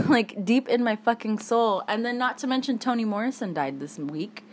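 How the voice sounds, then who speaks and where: A woman's voice: fairly high pitch, moderate pace, slight background noise. A woman hosting a solo podcast, talking angrily with heavy swearing, tired. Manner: angry, heavy swearing, emphatic. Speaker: podcast host.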